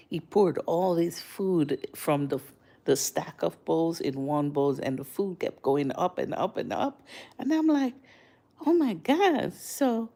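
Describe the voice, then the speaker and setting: An older woman from Jamaica telling a story to her livestream viewers in a casual, animated way, her voice jumping high when she is surprised. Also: gravelly. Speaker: livestream host.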